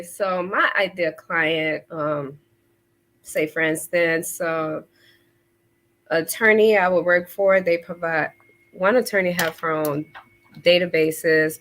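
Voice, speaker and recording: Low-voiced woman guest, steady and plain. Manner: plain, steady, with many ums. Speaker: podcast guest, paralegal business owner. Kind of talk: casual interview answers.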